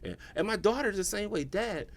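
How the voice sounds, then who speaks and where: A middle-aged male comedian in a relaxed interview, his voice swinging widely up and down as he tells stories. He slips into the voices of the people he quotes. His pitch sits in an ordinary middle range. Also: moderate pace. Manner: animated storyteller who acts out the people he quotes. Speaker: guest comedian. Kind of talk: casual interview storytelling.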